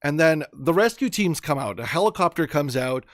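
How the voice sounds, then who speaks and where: A man's voice: fairly high pitch, animated, normal speed, no room sound, studio quality. A man hosting a live stream, giving an earnest motivational talk full of stories and restarts. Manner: earnest, storytelling, many restarts. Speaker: host.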